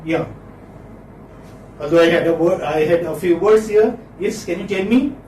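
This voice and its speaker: A man's voice: high-pitched, moderate pace, a little mellow, slight background noise. A man teaching phonetics in a class, encouraging his students and repeating key terms. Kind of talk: classroom lecture. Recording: echoey room, far from mic.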